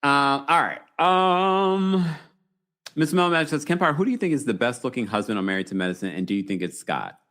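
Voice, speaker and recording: Guy recapping reality tv on a live stream, reads chat, laughs a lot, super lively voice. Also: medium pitch, fairly quick. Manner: animated, laughing, reacts to comments. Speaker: podcast host reading live chat.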